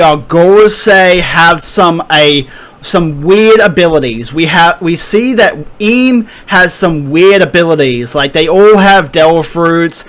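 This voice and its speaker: A man's voice: on the high side, fairly bright tone. A man casually reviewing a comic chapter with rambling, hesitant talk and frequent laughter. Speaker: anime and manga reviewer. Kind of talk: casual commentary.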